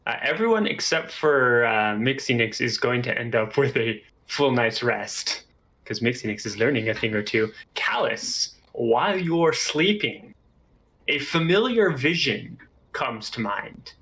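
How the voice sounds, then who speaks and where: Bright-voiced man running a tabletop game. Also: medium pitch, animated, rough recording. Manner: easygoing, with filler pauses. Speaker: game master.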